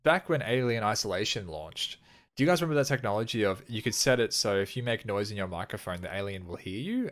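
A man telling a story casually as a podcast guest, excitable and quick to laugh. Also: lowish voice. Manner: excitable, bursts of laughter and sudden loud peaks.

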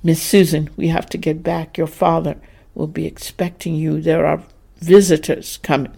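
A woman's voice: low-pitched, flat delivery, gravelly, husky, heavily acted. A woman as a cautious young woman companion. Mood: respectful. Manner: quiet, respectful and measured.

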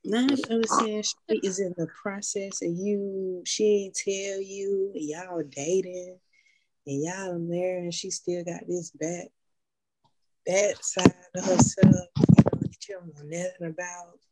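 A woman's voice: lowish voice, steady tone, a little slow, mellow, rough recording. A woman on a podcast in casual chat, laid-back and slangy, putting questions to the group. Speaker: podcast guest.

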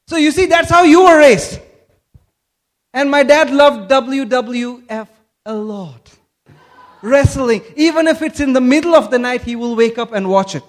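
High-voiced preaching man from Kerala. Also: moderate pace, pauses often. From Kerala, India. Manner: animated preaching with rhetorical questions to the congregation. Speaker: pastor. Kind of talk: sermon.

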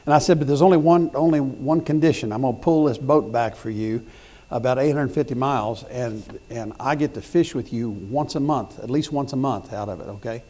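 A middle-aged pastor preaching a sermon, telling folksy stories with repeated words and restarts, then rising to loud emphatic points. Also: male voice, medium pitch, fairly quick.

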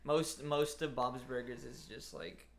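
A man's voice: medium pitch, unhurried, creaky. Laid-back young man chatting casually. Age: young adult. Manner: laid-back, full of "like" fillers, laughs often. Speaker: college student. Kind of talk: casual chat.

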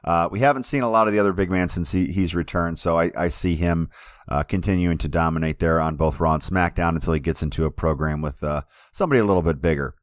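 Man, co-host, low voice, easygoing, hesitant, dry mic. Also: fast talker, dry recording. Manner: easygoing, hesitant, many uhs and restarts. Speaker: podcast co-host. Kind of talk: casual wrestling chat.

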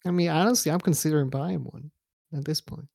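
A man's voice: on the high side, a little fast, gravelly, darkish tone, dry recording, clean studio sound. A man co-hosting a wrestling podcast, chatting casually, laid-back and swearing as he rants. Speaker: podcast co-host.

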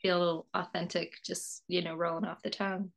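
A woman hosts an interview with a lowish voice and plenty of vocal fry. She talks in long, effusive runs, restarting and repeating words as she thinks aloud. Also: little pitch movement, normal speed. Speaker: podcast host. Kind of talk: interview host, casual conversation.

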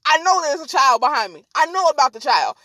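A woman voicing a stern woman passenger who firmly pleads for calm. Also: high-pitched, a little fast, dry recording, heavily acted. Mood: pleading.

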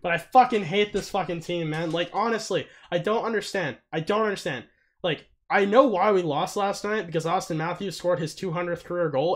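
A young man co-hosting a casual sports chat, ranting and swearing a lot. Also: high voice. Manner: ranting, heavy swearing, excitable. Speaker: podcast co-host.

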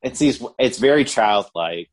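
A man's voice: medium pitch, animated, measured pace. A man co-hosting a podcast, chatting casually about a film in a rambling way and often laughing as he talks. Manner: rambling, laughs while talking. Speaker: podcast co-host. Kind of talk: casual movie review chat.

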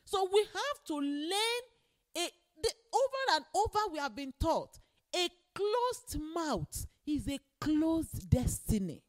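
High, animated woman preaching. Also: takes it slowly. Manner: emphatic, repeats key phrases, rises to exclamations. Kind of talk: sermon.

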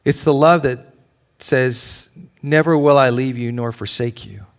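A man, a father with children, preaching a sermon, telling a personal story with animated ups and downs and dropping to a near whisper at tender moments. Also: medium pitch, unhurried, vocal fry. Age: adult with children. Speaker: pastor.

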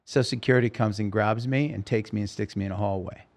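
Animated storytelling man in his fifties. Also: fairly low pitch, quick pace, gravelly. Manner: animated storyteller, acts out dialogue. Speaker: podcast guest, rock singer. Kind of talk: storytelling interview.

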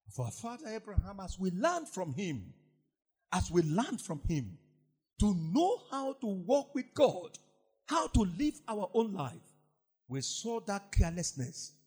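Husky, animated man preaching. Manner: animated preaching, swinging between shouts and low asides. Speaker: pastor. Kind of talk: sermon.

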